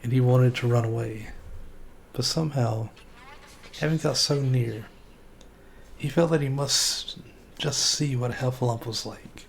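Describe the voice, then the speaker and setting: Gravelly man reading a storybook aloud. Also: medium pitch, measured pace, pauses often, slight background noise. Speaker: streamer.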